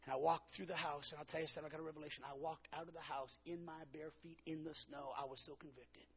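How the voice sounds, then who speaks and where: In a dull, lo-fi recording, a man delivers a sermon in a very husky, gravelly voice that sits a little high. He talks fast in a steady tone, telling his story dramatically and acting out his own quotes.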